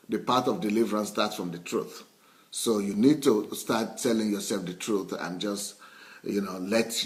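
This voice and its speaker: A middle-aged male pastor delivers a sermon with a somewhat low voice. He talks to his listeners conversationally, repeats his key lines for emphasis, and often chuckles between points.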